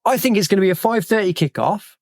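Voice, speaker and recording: A man's voice: sits high, animated, fast talker, a little mellow, no echo, studio quality. Rambling man hosting a podcast. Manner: rambling, full of fillers and restarts. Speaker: podcast host. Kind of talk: casual chat.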